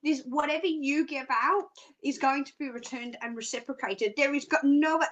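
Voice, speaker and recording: High-voiced chatty woman. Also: normal speed, a bit bright. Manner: chatty and playful, hums little tunes between thoughts. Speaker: psychic reader, host. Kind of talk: live online psychic reading.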